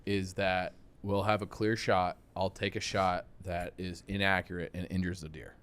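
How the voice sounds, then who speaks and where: A man's voice: low-pitched, little pitch movement, moderate pace, fairly bright tone, smooth. A man co-hosting a casual podcast chat, earnest and a little anxious. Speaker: podcast co-host.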